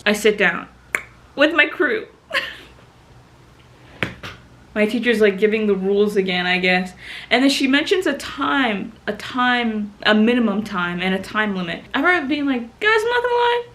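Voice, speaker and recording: A young woman with a mid-range voice tells a rambling storytime to her camera. She is animated and laughs often, swears freely and corrects herself mid-sentence as she drifts into tangents. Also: mid-range voice, moderate pace, pauses often, a little hiss or hum. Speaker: vlogger. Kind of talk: casual storytime monologue.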